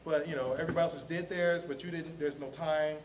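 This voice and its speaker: A man from Ohio tells his story with a high, bright voice, laughing often and slipping into the voices of the people he talks about. His talk is slangy and animated. He sits a little away from the mic, and a faint hum of the room carries under him. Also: quick pace, far from the mic. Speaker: comic artist telling his story.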